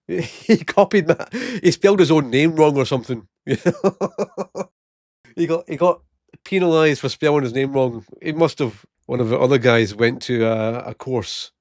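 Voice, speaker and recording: A man's voice: mid-range voice, dry recording, clean studio sound. A Scottish man in his late thirties telling funny work stories casually, laughing often and acting out the people he quotes. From Scotland. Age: 30s. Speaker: vlogger. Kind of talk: casual storytelling.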